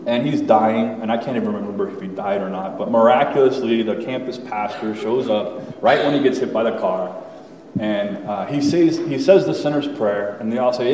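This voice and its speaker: Low-voiced man in an echoey church. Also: moderate pace, slight background noise. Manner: candid, conversational, with frequent fillers and soft laughs. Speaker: church speaker sharing a personal testimony. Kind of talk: personal testimony before a congregation. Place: church sanctuary. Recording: echoey hall, voice from far off.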